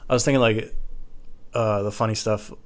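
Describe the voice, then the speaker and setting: A young man doing a rambling, crude, self-mocking comedy monologue at home, jumping into silly high voices. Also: steady tone, a little fast. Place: home room.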